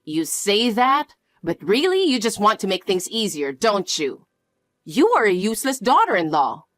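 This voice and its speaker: A woman voicing a harsh, scornful mother-in-law who talks in a slow, cold, cutting way. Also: mid-range voice, very animated, a bit bright, dry recording. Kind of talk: dramatized story dialogue.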